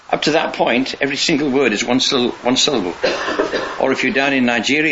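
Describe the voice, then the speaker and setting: A man's voice: medium pitch, moderate pace, pushed and bright. A man preaching a sermon in a rambling, conversational way, often restarting his sentences and chuckling now and then. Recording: dull lo-fi recording with faint hiss.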